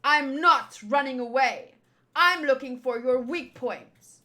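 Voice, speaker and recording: A woman's voice: high voice, takes it slowly, pushed and bright, exaggerated voice. A woman voicing a small, earnest male reindeer who fights with determined, boastful warnings.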